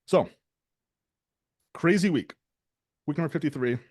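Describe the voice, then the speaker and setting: A man's voice: on the high side, measured pace, a little mellow, breathy edge. A man hosting a casual business talk, loose and conversational, with many fillers. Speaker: business owner and show host.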